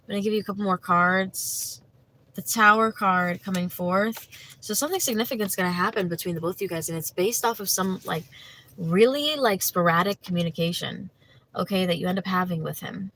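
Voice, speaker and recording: A mid-range, slightly bright female voice comes through a low-quality recording with a little hiss or hum, moving a bit fast. It belongs to a tarot reader doing a livestream, who chats freely, laughs easily, names her viewers, and uses plenty of fillers such as "like" and "you know."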